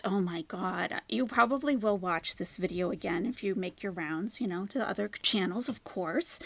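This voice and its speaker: A woman with a gravelly, creaky voice hosts a reaction commentary, sarcastic and critical. She sometimes drops into hushed asides, and her voice sounds dry and close. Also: mid-range voice, unhurried, hardly any pauses, no echo. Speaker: commentary channel host.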